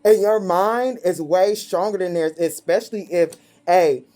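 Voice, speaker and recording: Her voice sits on the low side, warm and a little slow, as she gives a casual tarot reading. She's profane and blunt, happily mocking the people she reads for and laughing often between phrases.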